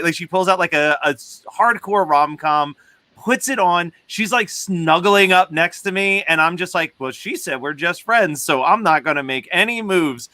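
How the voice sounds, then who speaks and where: A man's voice: a little high, moderate pace, sharp tone, no echo. A man hosting a live podcast stream, telling a story in casual chat and laughing often. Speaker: podcast host.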